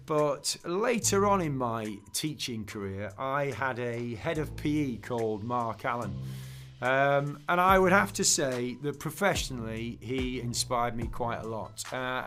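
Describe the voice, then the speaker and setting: Man, middle-aged, PE teacher, podcast guest, chatty storyteller, faint music in the background. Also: mid-range voice. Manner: chatty, tells jokes with lively voiced characters. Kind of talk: casual interview chat.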